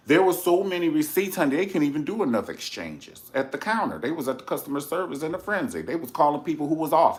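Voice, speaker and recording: This channel host reviews documentaries in a sassy, campy style, speaking casually, calling the listener honey and cursing freely like an animated storyteller. His voice is a little high and fast, with hardly any pauses.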